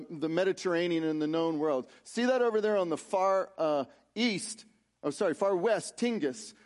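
A man preaching a sermon, reading scripture aloud and explaining it with frequent restarts. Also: sits high. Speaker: pastor.

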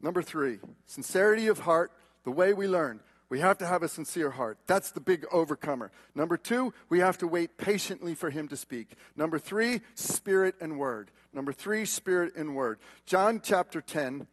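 A man preaching a sermon as pastor, swinging from loud emphatic peaks to hushed, quiet tones. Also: fairly high pitch, animated, normal speed, hardly any pauses, no echo.

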